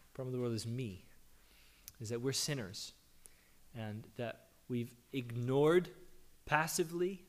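A pastor giving a conversational sermon, his voice hoarse from a cold, posing questions and answering them. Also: medium pitch.

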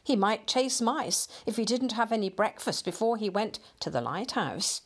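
A woman voicing a brisk, sensible older woman in a storybook reading, speaking firmly and practically. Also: medium pitch, expressive, slightly rough. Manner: firm and practical.

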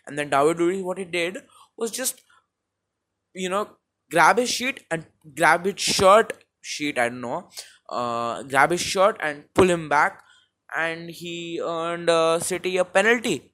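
A man's voice: unhurried, bright, forceful tone. Rambling Indian man recapping football. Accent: Indian English. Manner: rambling, many fillers and restarts. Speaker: football vlogger. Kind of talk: casual match recap monologue. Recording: low-quality home mic.

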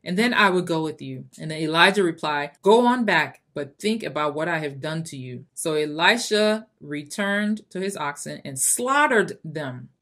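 A woman's voice: deep voice, animated, moderate pace, few pauses, a bit bright. Emphatic woman reading scripture aloud. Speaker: podcast host. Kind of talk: Christian motivational podcast.

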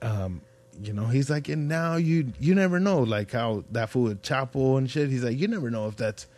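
A man's voice: mid-range voice, expressive, moderate pace, a little mellow. A man hosting a podcast in casual chat, a slangy, profane storyteller who acts out the people he quotes. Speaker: podcast host.

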